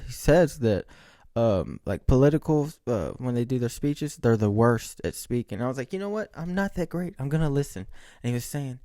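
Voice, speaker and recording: A young man with a raspy voice, rambling jokingly and mocking himself while hosting his own podcast. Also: medium pitch, a little mellow, no echo, clean studio sound. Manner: rambling, jokey, self-mocking. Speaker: podcast host. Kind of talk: casual solo chat.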